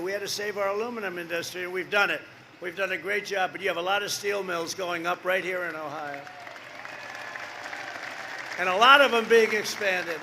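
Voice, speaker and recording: Older male rally speaker, boastful and repetitive, high bright voice, faint crowd and noise behind. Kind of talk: rally speech. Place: outdoor rally.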